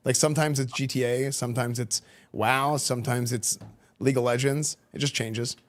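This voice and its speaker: A relaxed man with a Texan accent and a voice of ordinary middle pitch. He talks loosely and slangily, restarting sentences and filling pauses as he answers questions. He is heard through a good streaming microphone. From Texas. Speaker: streamer speaking to a school class. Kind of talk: casual chat answering students' questions.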